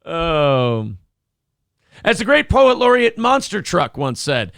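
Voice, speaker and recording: High gravelly comic host, sharp and dry. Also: male voice, sing-song, slow pace, dry recording. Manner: crude, sarcastic, mock-solemn when reciting lyrics. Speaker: morning show host. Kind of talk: comedic banter, mock congressional speeches.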